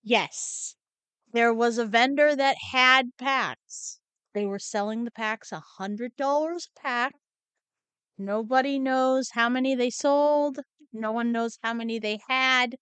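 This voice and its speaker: Slow-talking woman podcast co-host. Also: on the high side, clean tone, dry recording. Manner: relaxed, chatty, lots of "like" and "mm-hmm". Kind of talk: casual chat.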